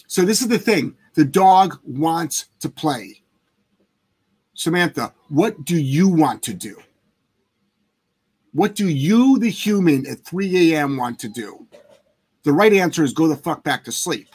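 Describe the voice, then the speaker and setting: A man's voice: a little high, expressive, measured pace, long pauses, darkish tone, husky. A man hosting a casual live chat as a dog trainer, talking bluntly and emphatically with plenty of swearing. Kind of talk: casual livestream chat answering viewer questions.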